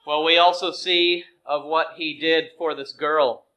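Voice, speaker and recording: A man preaching a sermon, earnest and measured, dropping to soft, hushed phrases for emphasis. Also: a little high, steady tone, low-quality recording. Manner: slow, earnest, with dramatic soft drops.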